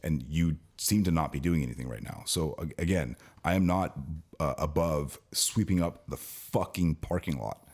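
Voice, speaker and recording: This co-host's voice rumbles low with a darkish tone at a moderate pace. A Californian working in a car dealership's service department, he tells a long, venting tale on a casual podcast, frequently starting over.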